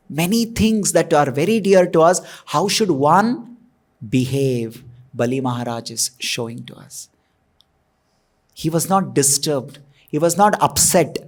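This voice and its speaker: A male temple preacher with a notably high-pitched voice. He preaches with emphasis, firing off rhetorical questions and answering them himself. His points come in short, rhythmic, repeated phrases. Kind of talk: devotional sermon.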